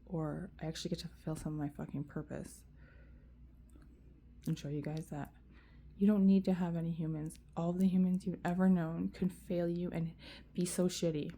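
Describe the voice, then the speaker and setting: A woman's voice: lowish voice, steady tone, normal speed, mellow, slight background noise. A woman vlogger venting in a rambling, profane rant to camera, full of fillers.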